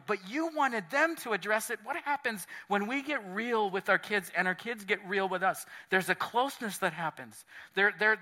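A pastor preaching to his church with a high, bright voice. He talks earnestly and acts out little prayers and quotes as he goes. His voice rings out with a long reverb from the hall. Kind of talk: sermon.

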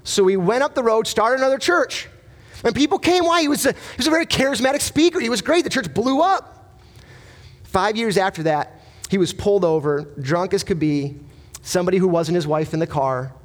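Male pastor, high voice, earnest emphatic sermon delivery, rhetorical questions. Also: lively intonation, brisk.

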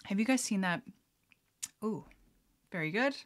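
A woman's voice: medium pitch, animated, unhurried. A young woman hosting a casual podcast at home, chatty and rambling, often breaking into giggles as she talks. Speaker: podcast host. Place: at home, mixing a drink on camera.

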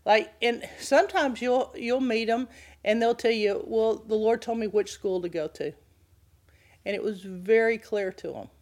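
A woman giving a conversational Bible teaching and asking her listeners questions. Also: mid-range voice. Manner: conversational, asks the audience questions.

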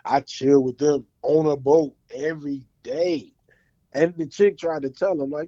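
A man's voice: fairly high pitch, measured pace, mellow, dry recording. A man hosting a casual chat, talking in laid-back slang. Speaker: podcast host. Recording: dry, dull lo-fi sound.

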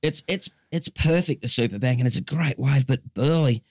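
A man's voice: medium pitch, normal speed, a little mellow, no room sound, clean studio sound. A man in his fifties with an Australian accent, telling stories as a guest in a casual chat, rambling with restarts. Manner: chatty storyteller, rambling with restarts.

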